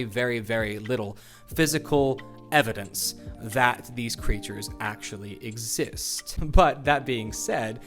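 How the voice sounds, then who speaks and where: A man hosting his own video channel, giving a casual, playful explainer full of jokey asides. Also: medium pitch. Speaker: YouTube host. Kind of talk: casual explainer with a felt board.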